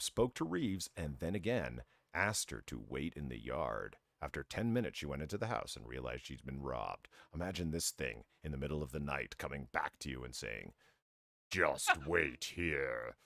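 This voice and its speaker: A man's voice: very deep voice, very animated, normal speed, vocal fry, dry recording, clean studio sound. A man hosting an online comedy game show, rambling through stories and laughing at his own jokes while swearing freely. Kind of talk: casual comedic chat.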